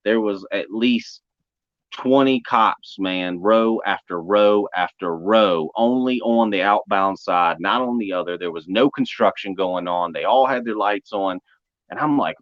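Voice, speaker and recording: A man's voice: on the low side, moderate pace, fairly bright tone, no room sound. A man telling a story in casual, folksy talk, often calling the listener man or brother. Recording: dull muffled sound.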